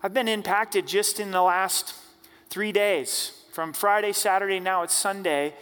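High-voiced pastor in an echoing sanctuary. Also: male voice, a bit bright. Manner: reads scripture aloud, then preaches with measured emphasis. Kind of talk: Easter sermon. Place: church sanctuary. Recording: church hall with long reverb.

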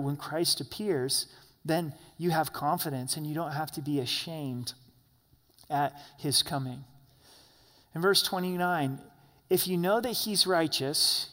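Pastor preaching in a reverberant church. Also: male voice, on the high side. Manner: preaches with rising emphasis, then drops to a soft, quiet tone. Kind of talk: sermon. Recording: long hall reverb.

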